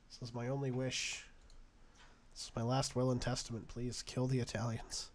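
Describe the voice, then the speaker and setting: A man's voice: mid-range voice, flat delivery, moderate pace, a little hiss or hum. A young man giving casual let's-play commentary on a strategy game, sarcastic and exasperated, talking to the nations on screen. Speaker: gaming YouTuber.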